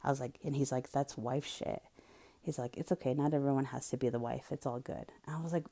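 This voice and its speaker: A woman's voice: rumbling low, fairly even intonation, a little fast, vocal fry, warm tone. A young woman hosting a podcast, talking casually and bluntly about dating, with lots of "like" and an occasional drop into a whisper. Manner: candid, blunt, peppered with "like". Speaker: podcast host. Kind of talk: casual monologue.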